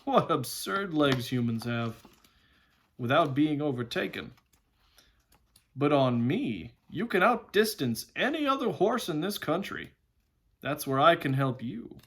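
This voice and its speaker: A haughty talking war horse, as a man reads him aloud from a storybook. He speaks briskly and loftily, with open scorn for humans, in a fairly high voice. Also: sing-song, a bit bright, husky, exaggerated voice. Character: proud, stern talking male war horse.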